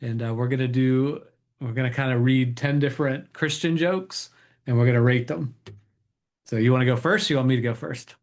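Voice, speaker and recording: A middle-aged man hosting a casual show and reading jokes aloud in a relaxed, upbeat way with some fillers. He sits a little away from the microphone. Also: mid-range voice, moderate pace. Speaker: podcast host. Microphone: table mic set away from the speakers.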